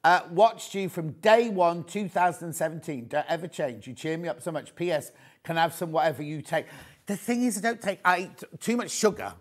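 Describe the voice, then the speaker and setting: A middle-aged man presenting a live shopping channel, chatty and excitable, often raising his voice. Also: a little high, fairly quick. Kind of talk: live TV sales pitch. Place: TV studio.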